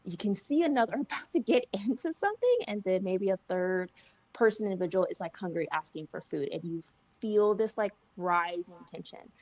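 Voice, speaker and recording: A woman hosting an interview, chatting loosely with quick asides. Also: mid-range voice, animated, a little mellow. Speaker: podcast host. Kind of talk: casual interview chat. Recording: dull lo-fi audio.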